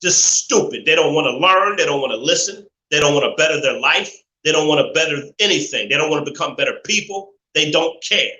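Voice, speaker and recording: Brief: male live-show host, preachy and emphatic, higher voice, roomy sound. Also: pushed and bright. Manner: preachy, repetitive, emphatic, swears freely. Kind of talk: ranting live-stream monologue. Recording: roomy echo.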